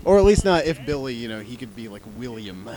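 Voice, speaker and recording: A man's voice: medium pitch, big pitch swings, fast talker, warm tone, low-quality recording. A man co-hosting a casual chat, trading dry, wry quips. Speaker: podcast co-host.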